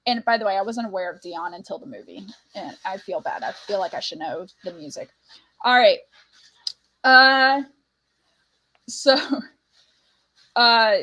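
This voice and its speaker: A woman's voice: fairly high pitch, a bit bright, low-quality recording. A woman hosting a book club podcast in casual chat, laughing often as she quotes film lines. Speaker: parent.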